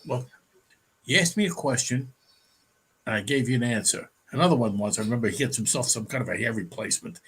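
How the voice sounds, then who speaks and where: Man, husky, blunt, matter-of-fact, interview guest. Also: mid-range voice, quick pace. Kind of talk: casual interview talk.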